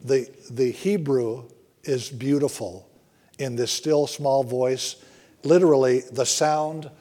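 A man preaching a sermon in an earnest way, often slowing down and dropping to a hush for emphasis. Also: mid-range voice, fairly even intonation. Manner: earnest, slows and softens for emphasis. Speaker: pastor.

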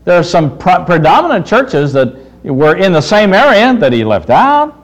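A man's voice: sits high, normal speed, lo-fi sound. A man preaching a Bible study sermon to his congregation, conversational and full of pointed questions. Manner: animated preaching with rising questions, addresses "dear friend"; many fillers and restarts, conversational. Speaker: pastor.

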